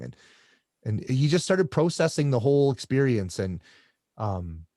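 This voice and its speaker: A man's voice: mid-range voice, expressive, normal speed, mellow, no echo, clean studio sound. A man from Canada, a coach, telling his story as an interview guest in a rambling way with many restarts.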